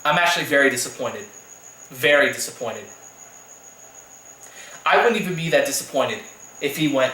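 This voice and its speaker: A man's voice: medium pitch, animated, normal speed, pauses often, bright, forceful tone, echoey room, poor audio. A man delivering a heated, profanity-laced rant as a YouTube commentator, repeating himself for emphasis. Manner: heated, profane, repetitive ranting. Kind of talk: angry rant vlog.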